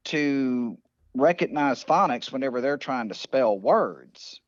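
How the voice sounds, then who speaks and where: A man's voice: medium pitch, lively intonation, slow pace, no room sound, lo-fi sound. A man with a Southern Louisiana accent, a podcast guest telling stories in casual chat with a folksy, filler-heavy manner. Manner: folksy storyteller, many "you know" fillers.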